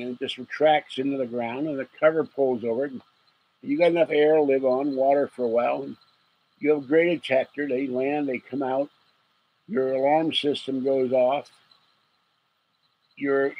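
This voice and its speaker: Husky-voiced man rambling on a stream. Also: mid-range voice, narrow, tinny audio. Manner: rambling, joking, chuckles often. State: getting sleepy. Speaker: livestream host. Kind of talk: rambling late-night livestream chat.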